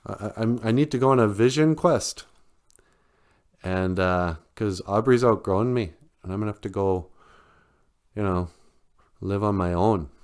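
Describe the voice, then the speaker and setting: A man's voice: on the low side, a little slow, long pauses, darkish tone. A man voicing a timid, sweet male teddy bear who stammers and sounds earnest.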